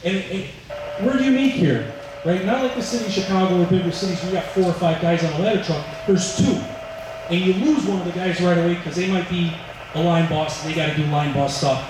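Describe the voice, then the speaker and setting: A firefighter giving a dedication speech, telling stories and acting out the voices of the people in them. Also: male voice, high voice, fairly quick, noisy background. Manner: storytelling, acting out voices in quotes. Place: large indoor room at a fire training center. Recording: very echoey hall, mic far off.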